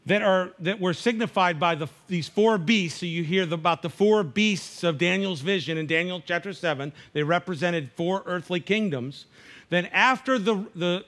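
A pastor with a high, somewhat bright voice delivers a conversational sermon. He acts out the dialogue of the story's figures and frequently restarts his sentences.

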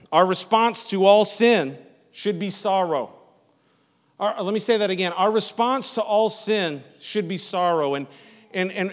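A male pastor preaches with a high voice, his words ringing out across a reverberant church sanctuary. His delivery is conversational, and he keeps checking in with the congregation with "Amen?" and doubles back on his phrases. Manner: repeats and restarts phrases. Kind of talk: sermon.

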